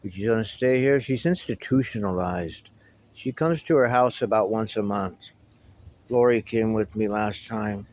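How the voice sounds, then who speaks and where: A middle-aged vlogger talks casually to the camera, meandering and reminiscing with wry asides. His voice is lowish with a darkish tone, he speaks at a normal speed, and the recording is rough.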